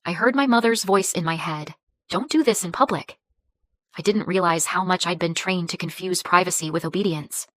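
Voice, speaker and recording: A woman tells a first-person story in a measured, even way. Her voice sits a little low. The recording is dry and close. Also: dry recording. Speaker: narrator.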